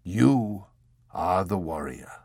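A man voicing an old male abbot in an audiobook, speaking in a slow, measured, solemn way. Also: lowish voice, sing-song, dry recording, studio quality, heavily acted. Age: older. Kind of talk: audiobook character voice.

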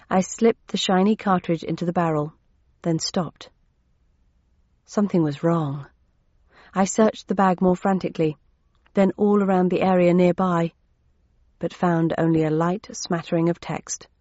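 A woman narrating a first-person novel in a steady, measured way. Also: on the low side, no echo. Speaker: audiobook narrator. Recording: dull, dry lo-fi recording.

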